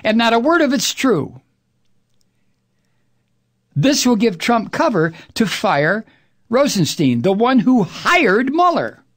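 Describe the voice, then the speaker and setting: Talk radio host, male, older; lively pitch swings, cursing sarcastic rant. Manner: profane, sarcastic, emphatic, drawn-out words for effect. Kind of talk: angry political commentary monologue.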